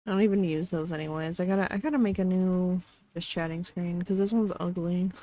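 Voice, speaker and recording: A woman streamer chatting casually, laid-back and quick to laugh, with some swearing. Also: on the low side, fairly even intonation, mellow, slight background noise. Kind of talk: casual chat on her stream.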